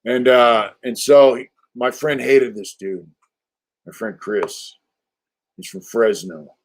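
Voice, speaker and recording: An older man from California hosts a relaxed livestream, drifting through a story. His voice sits in an ordinary middle pitch, and his talk is loose and streetwise, full of fillers and blunt profanity. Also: slow pace. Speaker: livestream host.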